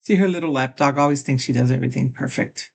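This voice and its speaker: A woman's voice: extremely low pitch, fast talker, gravelly, a little mellow, husky. An older woman reacting to a clip, commenting in an indignant, critical way. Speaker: reaction video host. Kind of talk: casual commentary.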